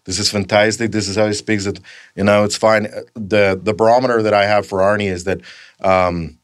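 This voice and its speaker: A man, a stunt man and voice actor, chatting casually as a podcast guest in a recording studio, relaxed and swearing freely as he trails off and restarts. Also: on the low side, a little fast, clear, resonant tone, dry recording. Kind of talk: casual chat.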